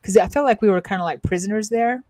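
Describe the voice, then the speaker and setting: A woman's voice: mid-range voice, fast talker, warm tone, no room sound. A woman co-hosting a casual spiritual talk show as a psychic-medium, telling her story in a rambling, hesitant way with many fillers and restarts.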